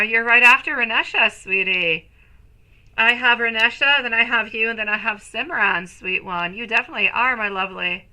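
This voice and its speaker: A woman in her thirties doing a live tarot reading, soft and soothing, calling viewers sweetie and turning bubbly when she greets the chat. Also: on the high side, moderate pace, poor audio. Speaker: tarot reader.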